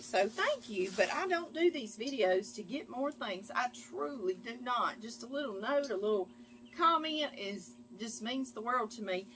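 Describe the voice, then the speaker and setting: A woman's voice: fairly high pitch, animated, measured pace, bright, forceful tone. A middle-aged woman, chatting affectionately as she reads viewer mail on her channel. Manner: chatty and affectionate, often calls listeners "girl" and "y'all". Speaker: cooking channel host. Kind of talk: casual chat reading viewer mail.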